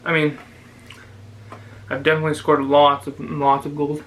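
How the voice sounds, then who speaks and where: A young man from Canada, a vlogger, chatting casually and giving advice, pausing now and then to chew. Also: a little high, poor audio. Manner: relaxed, chatty, with pauses to chew. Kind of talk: casual chat while eating.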